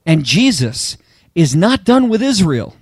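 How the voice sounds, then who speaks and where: A man's voice: on the high side, very animated, unhurried, breathy edge, no room sound, clean studio sound. A man preaching a sermon with emphatic delivery, talking straight to the congregation. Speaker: pastor.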